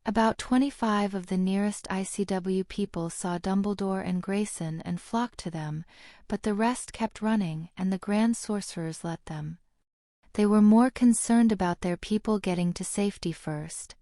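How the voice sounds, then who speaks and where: A woman reads a fantasy audiobook aloud in a steady storytelling way. Her voice is mellow and dark-toned, recorded dry and close with no room sound. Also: mid-range voice, normal speed, dry recording. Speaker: audiobook narrator. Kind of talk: scripted narration.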